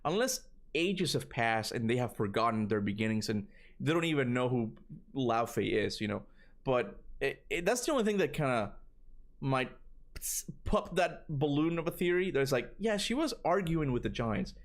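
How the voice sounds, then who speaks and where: A man's voice: mid-range voice, sing-song, moderate pace. A male gaming streamer reading a fan theory aloud on a livestream. He stumbles over words and keeps breaking off into casual asides, full of "bro" and "you know".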